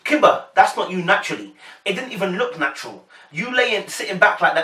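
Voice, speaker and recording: A man's voice: high-pitched, very animated, brisk, pushed and bright, far from the mic. A young man with a London accent giving casual, chatty commentary straight to his viewers, full of slang. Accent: London English. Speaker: reaction commentator. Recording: echoey room, voice a bit off-mic.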